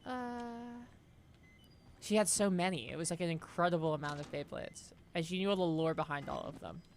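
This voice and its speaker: A woman's voice: lowish voice, moderate pace, slight background noise. A young woman streaming a horror game, rambling and joking casually with her chat between moments of play. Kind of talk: casual gameplay commentary.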